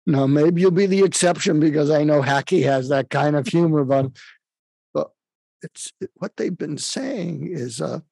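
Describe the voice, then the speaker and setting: An older man speaking as a psychiatrist guest in an interview, calm and halting, pausing often with fillers. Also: fairly high pitch, vocal fry, slightly rough, dry recording. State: facing terminal illness. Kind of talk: emotional conversational interview.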